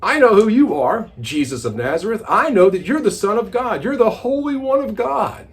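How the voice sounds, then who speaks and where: A man's voice: high-pitched, big pitch swings, normal speed, voice pushed up. A man crying out as a frantic unclean spirit. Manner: agitated, crying out.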